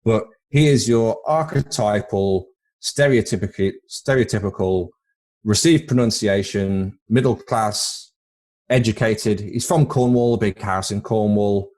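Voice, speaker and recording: Rambling, jokey British podcast host. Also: male voice, lowish voice, a little slow, a little mellow. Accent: British English. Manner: jokey, rambling, repeats words while thinking. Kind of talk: casual film chat.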